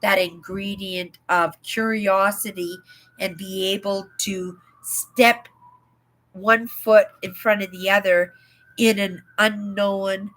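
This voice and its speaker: A woman's voice: mid-range voice, level tone, slow pace, fairly bright tone, low-quality recording. An older woman from Canada hosting a casual livestream, chatting and rambling, often checking in with "right?". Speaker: livestream host.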